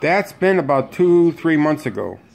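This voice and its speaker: While recording a home video of his parakeets in a room with the birds, a man narrates casually in a sing-song, creaky, darkish voice at normal speed. He coaxes the bird using a high sing-song tone.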